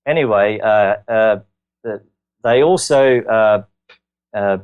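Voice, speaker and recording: Halting Australian man, lowish voice. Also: clear, resonant tone, narrow, tinny audio. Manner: halting, earnest, many filler words. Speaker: interview guest. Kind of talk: telling his story in an interview.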